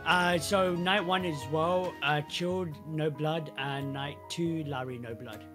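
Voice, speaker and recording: A man's voice: a little high, steady tone, a little slow, music in the background. A British man from Britain chatting casually during an online game, hesitant and repeating himself. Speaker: player. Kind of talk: casual game chat with friends.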